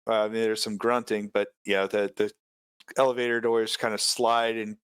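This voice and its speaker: A man's voice: lowish voice, flat delivery, moderate pace, fairly bright tone, smooth, dry recording. A man narrating a tabletop game as game master, hesitant and full of filler sounds.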